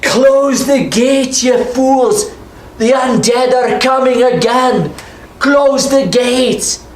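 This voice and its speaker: A man voicing a bossy old guide who shouts orders in a gruff voice. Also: sits high, slow, echoey room, a little hiss or hum, pitched above the performer's own voice. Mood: frantic.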